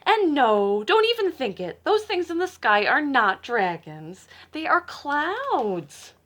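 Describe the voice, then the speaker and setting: A woman librarian reading a picture book aloud to children, playful and teasing, with dramatic gasps and hushed asides. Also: sits high, sing-song, slow pace.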